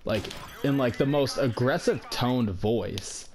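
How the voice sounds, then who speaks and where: Young adult man, casual vlog storytelling, loose and rambling, mid-pitched voice. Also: slow, darkish tone, a little hiss or hum. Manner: rambling, heavy use of "like", swears casually. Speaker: vlogger.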